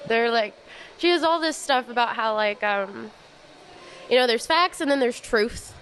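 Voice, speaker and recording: A woman songwriter who sings with her guitar and then talks casually, thoughtful and quick to laugh. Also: fairly high pitch, animated, a bit bright, a little hiss or hum. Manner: thoughtful, laughs easily, meandering explanations. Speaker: songwriter guest.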